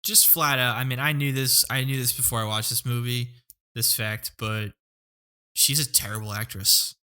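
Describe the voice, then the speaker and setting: Profane exasperated podcast co-host. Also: male voice, mid-range voice, steady tone, moderate pace, bright, forceful tone. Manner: blunt, profane, exasperated rants. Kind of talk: casual chat about a film.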